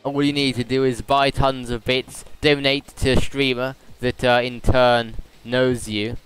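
A man's voice: medium pitch, level tone, measured pace, a bit bright, clear, resonant tone. A young British man streaming a game, chatting in a rambling, jokey way full of fillers. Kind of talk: casual gaming stream chat.

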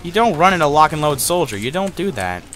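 A man commenting on his gameplay in a casual, excitable way, swearing often. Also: a little high, quick pace, slight background noise. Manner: excitable, swearing, bursts into yelps and laughs. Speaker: gaming video maker.

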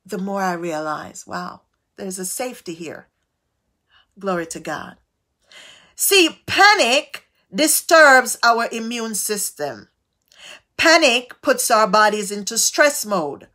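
A woman preaching a devotional sermon, tossing out call-and-response asides with sudden swings of pitch and loudness. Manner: slow, drawn-out delivery.

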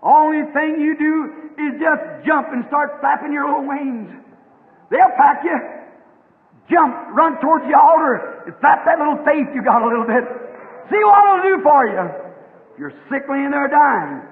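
A mother eagle sends out high, urgent, pleading calls to her lost eaglet, as a man acts her out in a sermon. His voice sits very high. It comes from a tinny old tape, with a long echo trailing through the hall. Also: sing-song, very slow, long pauses, heavily acted. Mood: urging.

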